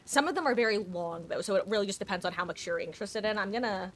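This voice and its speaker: Casual woman streamer on a desk mic, chatty and excitable, talks to chat while playing, middle-pitched voice. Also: a little hiss or hum. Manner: chatty and excitable, quick bursts of laughter. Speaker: live game streamer. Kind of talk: casual gameplay chat with viewers.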